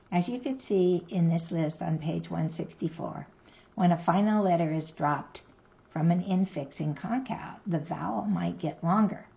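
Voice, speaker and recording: A woman teaching a recorded language lesson, speaking slowly and carefully and sounding out each word. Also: on the low side, creaky, a little mellow, dull audio. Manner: slow, careful, sounding out words.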